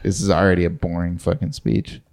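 A man heckling with quick profane jokes. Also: sits low, creaky, darkish tone. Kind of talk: improvised comedy podcast banter. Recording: very echoey room, faint music.

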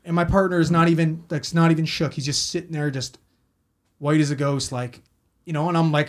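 A man's voice: on the high side, fairly quick. A man, a paramedic telling a story in casual talk, rambling and swearing a lot. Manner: heavy swearing, rambling with fillers.

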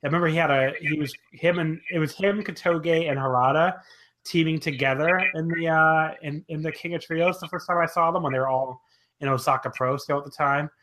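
A man's voice: fairly high pitch, fairly even intonation, fairly quick, background noise. A man co-hosting a casual wrestling podcast, rambling with many fillers and self-corrections. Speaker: podcast co-host.

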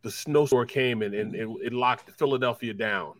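This man, once a football player and now a sports talk show co-host, spins long, meandering stories full of repetition. His voice is medium-pitched at a moderate pace, recorded with no echo.

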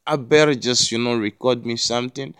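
A man's voice: medium pitch, fairly even intonation, brisk, fairly bright tone, smooth, no echo, clean studio sound. A man hosting a solo podcast, talking casually in a rambling, profane way with many restarts. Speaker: podcast host.

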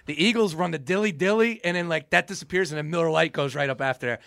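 A man's voice: fairly high pitch, quick pace, creaky, fairly bright tone, no room sound, clean studio sound. A man chiming in on a casual sports podcast in a laid-back, repetitive way.

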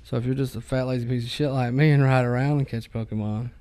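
A man's voice: medium pitch, steady tone, quick pace, dark tone, smooth. A man in casual chat, joking crudely and swearing freely about parenting and games.

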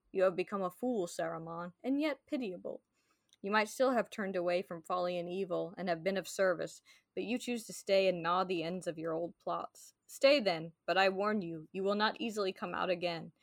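A woman's voice: fairly low pitch, no echo, natural voice. A woman reading aloud the lines of a stern old male wizard from a book, keeping close to her own voice.

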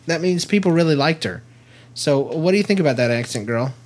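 A man's voice: a little high, lively intonation, fairly quick, darkish tone. A middle-aged man co-hosting a casual family podcast with his daughter, chatty and playful, laughing often and filling gaps with ums and restarts.

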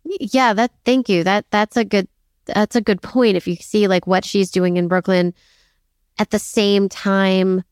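A woman's voice: mid-range voice, fairly even intonation, a little slow, a little mellow, clear, resonant tone, no echo, clean studio sound. A woman co-hosting a podcast in casual chat, chatty and self-deprecating with many fillers. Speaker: podcast co-host.

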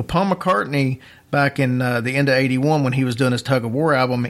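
A man with a mid-range voice tells a story on a podcast. His delivery is casual and rambling, full of restarts and fillers. His pace drifts between quick bursts and slow, drawn-out phrases. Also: medium pitch. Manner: rambling, chatty, restarts sentences, uneven pace.

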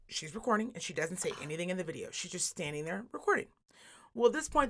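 A woman co-hosts a casual podcast chat with a somewhat low voice. She tells stories in a profane, animated way, acting out the people she quotes. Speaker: podcast co-host.

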